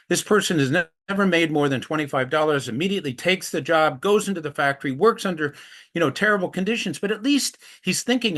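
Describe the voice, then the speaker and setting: A man's voice: a little high, expressive, fast, fairly bright tone. A middle-aged man, an activist, giving an earnest storytelling presentation. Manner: earnest, acts out quoted voices in anecdotes. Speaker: anti-trafficking activist speaker.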